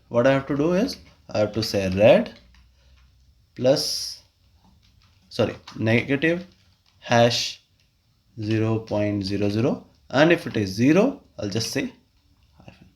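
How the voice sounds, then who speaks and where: A man, explaining a spreadsheet tutorial step by step with frequent okays and uh fillers. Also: medium pitch. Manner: step-by-step, explains while clicking, frequent "okay" and "uh". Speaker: tutorial host. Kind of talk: screen-recorded software tutorial.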